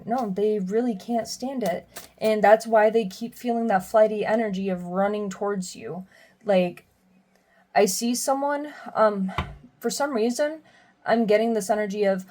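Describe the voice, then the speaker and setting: A woman's voice: mid-range voice, a little slow, a little mellow. Woman, young adult, tarot reader, chatty, laughing, casual reading. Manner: chatty, laughs often, reads card messages aloud.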